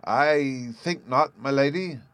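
A meek, cautious professor answers in a high, hesitant voice, as a male reader does him. He sounds timid and eager to please in a storybook reading. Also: animated, normal speed, no echo, natural voice.

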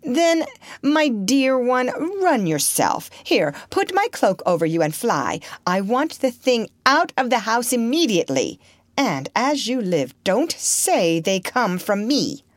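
Lady doing a proud young countess in an audiobook, shrill and bossy, pitched up high. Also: sing-song, slow, dry recording, clean studio sound. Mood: urgent. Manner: shrill and commanding. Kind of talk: audiobook character reading.

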